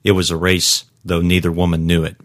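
An audiobook narrator with a very deep voice delivers scripted narration in a steady, measured way. The recording is dry, with no room sound or echo.

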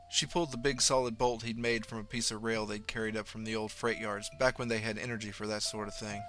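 A man narrating a story in a steady, low-key way, dropping softer for inner thoughts. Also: quick pace, hardly any pauses, faint music behind. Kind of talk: audiobook narration.

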